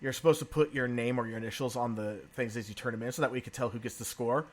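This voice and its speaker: A man in his thirties co-hosting a podcast, telling family stories in a relaxed chat and laughing often. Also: mid-range voice, fast talker. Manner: animated storyteller, laughs often. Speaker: podcast co-host. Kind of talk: casual conversational storytelling.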